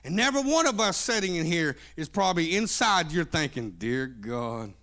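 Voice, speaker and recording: A man preaching a sermon as a bishop, telling stories and building up to shouted, chanting peaks. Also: sits high, big pitch swings, fairly quick. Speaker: bishop and pastor. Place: church.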